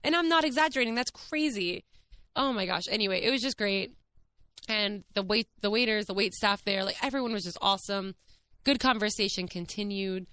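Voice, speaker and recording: A young woman, hosting her podcast and gushing excitedly about a date in a casual, "like"-filled story. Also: mid-range voice, moderate pace, clear, resonant tone, no room sound. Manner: gushing, excited, peppered with "like" and "what is happening". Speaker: podcast host.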